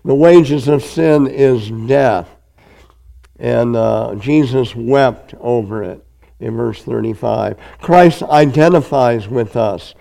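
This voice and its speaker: A male pastor preaching a sermon, reading scripture aloud and pressing each point with emphatic, drawn-out phrasing. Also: medium pitch, vocal fry, dark tone, poor audio.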